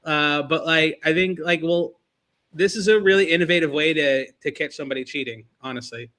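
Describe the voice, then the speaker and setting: A man with a bright, somewhat high voice rambles through casual podcast chat. He piles up fillers and restarts and chuckles at his own jokes. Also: fairly quick.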